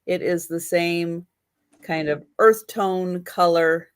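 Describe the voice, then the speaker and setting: Female stream-sale host; slow, measured auction calls and item descriptions. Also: on the low side, steady tone, clean tone. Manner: slow, patient, explaining items. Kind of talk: live-stream auction chat.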